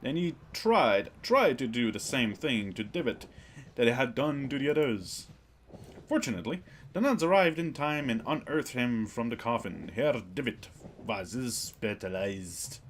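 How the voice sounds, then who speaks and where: A formal, measured male doctor from a Victorian horror game, laying out grim facts, read by a man. His pitch moves in a lively way, and faint background noise sits under him. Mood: grave. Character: older male doctor bringing grim news.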